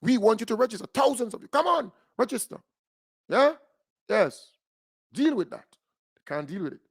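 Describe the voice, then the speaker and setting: Animated Grenadian man hosting radio. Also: sits high, moderate pace, creaky, breathy edge, dry recording, clean studio sound. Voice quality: animated, laughing, Caribbean creole phrasing. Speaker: radio show host. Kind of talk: casual radio talk with a caller.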